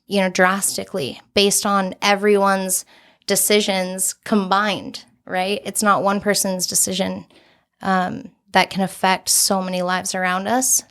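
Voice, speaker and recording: A woman's voice: medium pitch, little pitch movement, measured pace, a bit bright, clear, resonant tone. A young adult woman, a podcast guest, telling a personal story in an earnest, candid way with many casual fillers.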